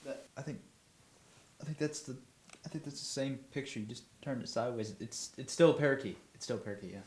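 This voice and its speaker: A man's voice: mid-range voice, fast talker, a little mellow, echoey room, slight background noise, lightly acted. A young man playing a flustered patient in a comedy short, rambling and stammering. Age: young adult. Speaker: actor in a student comedy film.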